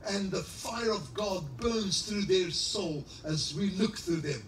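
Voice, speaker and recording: A middle-aged man preaching a sermon as pastor, fiery at times and rising into shouted, sing-song exclamations. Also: sits high, slow, faint music behind. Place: church service in a large greenhouse hall. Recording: echoey hall, mic at a distance.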